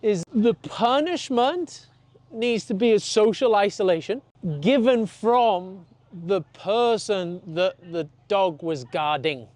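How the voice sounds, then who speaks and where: A man working as a dog trainer, talking casually and swearing freely, acting out dogs and owners in animated voices. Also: high voice, slow pace, dry recording. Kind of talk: casual consultation.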